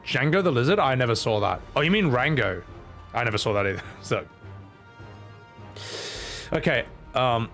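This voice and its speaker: A man's voice: medium pitch, fairly bright tone. A man, chatting casually with his viewers as a streamer. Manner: rambling, reading chat aloud with fillers. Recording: faint game music behind. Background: faint game music.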